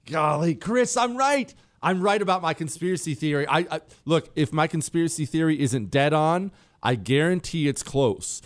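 A male talk radio host riffing on air in a loose, conversational monologue. His voice sits somewhat high and swings widely in pitch as he jokes, mocks himself, and leans into sarcasm. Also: unhurried. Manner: animated, sarcastic and self-mocking.

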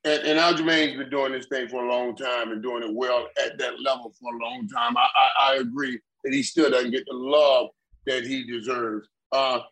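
An older man co-hosting a sports talk show, telling excited stories in a rambling way and repeating his words as he goes. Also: medium pitch, normal speed, rough recording. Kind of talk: casual sports chat.

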